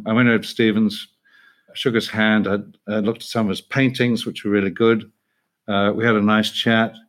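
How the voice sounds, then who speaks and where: A man who is an actor tells stories in an interview in a relaxed, self-deprecating way. He hesitates often and laughs at himself. His voice sits on the low side.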